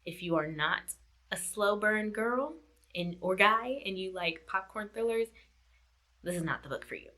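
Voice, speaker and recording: A woman's voice: mid-range voice, normal speed, pushed and bright. A woman reviewing a book in a casual vlog chat, repeating herself and laughing often. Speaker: book vlogger.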